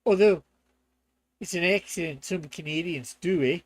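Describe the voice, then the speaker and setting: A man voicing a hammy, stereotyped Canadian man with a loud, exaggerated drawl. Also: high-pitched, a little slow.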